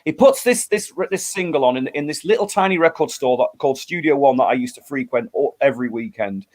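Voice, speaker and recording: A middle-aged man from the UK, a musician telling a lively story in a casual interview, acting out quotes with many restarts. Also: medium pitch, brisk. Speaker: guest musician.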